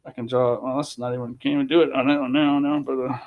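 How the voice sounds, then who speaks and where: A man's voice: mid-range voice, little pitch movement, fast talker, phone-quality sound. A man giving casual, emphatic commentary over charts, repeating phrases and restarting sentences. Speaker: crypto commentator.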